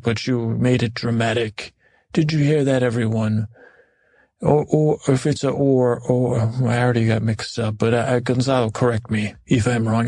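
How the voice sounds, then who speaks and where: Gravelly man rambling through a game. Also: medium pitch, a little mellow, no room sound. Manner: rambling, many restarts and fillers. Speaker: player. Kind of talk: casual in-character recounting of a tabletop game.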